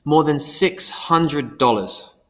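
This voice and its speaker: A man voicing an excited young man, breathless and eager. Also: fairly high pitch, slow. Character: excited young man who got his visa. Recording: long hall reverb.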